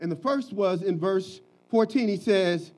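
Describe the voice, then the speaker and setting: A man preaches a sermon in a high, lifted voice. He sinks into quiet, talky asides and then climbs into shouted, ringing lines. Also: a little slow, rough recording. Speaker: pastor.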